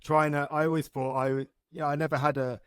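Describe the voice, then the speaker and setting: A man's voice: a little high, flat delivery, fast, clear, resonant tone, no echo, clean studio sound. Reflective male podcast host. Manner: reflective, empathetic questioning. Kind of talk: interviewing on a self-development podcast.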